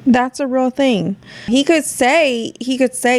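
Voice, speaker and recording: A woman's voice: sits high, slow, no room sound. A woman hosting her own podcast, talking to listeners in a candid, rambling way and swearing freely. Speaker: podcast host. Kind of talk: casual solo chat.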